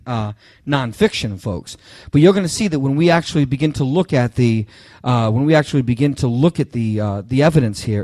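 A man's voice: mid-range voice, no echo. Emphatic preacher man, dry close sound. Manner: emphatic, rising to loud bursts on key phrases; halting restarts, addresses listeners directly. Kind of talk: sermon.

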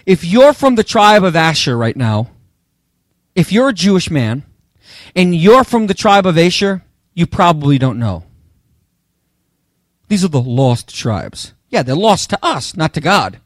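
High-voiced, emphatic male preacher. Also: very animated, unhurried, pauses often, dry recording, studio quality. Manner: emphatic, talks straight to the congregation. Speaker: pastor. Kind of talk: sermon.

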